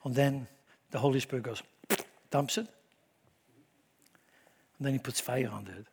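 A man preaching a sermon to his congregation, swinging between loud emphatic declarations and low asides, often repeating words and asking the room questions. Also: moderate pace, vocal fry, breathy edge. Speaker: pastor. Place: church.

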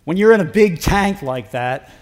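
A man's voice: high voice, lively intonation, moderate pace. A man in his sixties telling a personal story in a casual, rambling, folksy way, acting out the dialogue. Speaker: storyteller giving a personal testimony. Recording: long hall reverb.

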